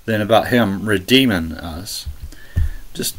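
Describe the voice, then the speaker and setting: A man delivering slow, deliberate commentary that rebuts a preacher, pressing his points again and again. His tone is argumentative and often sarcastic. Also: on the low side, a bit bright. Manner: argumentative, sarcastic, insistent repetition. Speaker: religious commentator.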